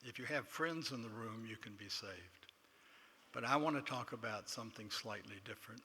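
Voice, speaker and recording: A man's voice: mid-range voice, moderate pace, sharp tone, breathy edge. An older man with a Texan accent giving an award acceptance speech, telling a self-deprecating story and quoting others in dialogue. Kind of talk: anecdotal speech. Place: large banquet hall. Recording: long hall reverb, faint room noise.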